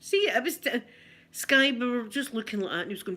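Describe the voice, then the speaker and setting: A middle-aged Scottish woman tells rambling, giggly anecdotes in a casual ASMR chat. Her voice is bright and forward, with a lively, chatty delivery. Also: a little high, a little fast. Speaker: ASMR vlogger.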